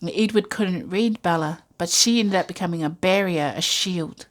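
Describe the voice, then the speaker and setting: A woman's voice: on the low side, moderate pace. A woman giving a casual intuitive tarot reading, musing aloud with many fillers and asides. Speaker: tarot reader.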